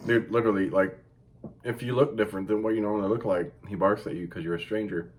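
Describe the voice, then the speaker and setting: A man co-hosting a casual podcast, telling stories with lots of swearing and sudden high-pitched outbursts. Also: fast, slight background noise. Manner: animated storytelling, jumps high for exclamations. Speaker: podcast co-host. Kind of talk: casual profane chat.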